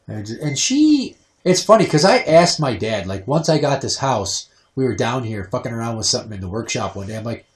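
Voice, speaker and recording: A young man hosting a podcast, telling crude, sarcastic stories full of swearing and sometimes mimicking his mother in a shrill voice. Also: very animated, brisk. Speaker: podcast host. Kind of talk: crude comedic storytelling.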